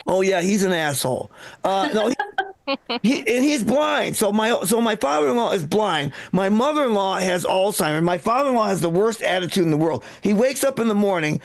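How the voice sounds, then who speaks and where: Rambling, profane stand-up comic man. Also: high voice. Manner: rambling, profane, self-interrupting delivery. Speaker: stand-up comedian. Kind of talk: stand-up set. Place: live comedy stream with echo. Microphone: own microphone.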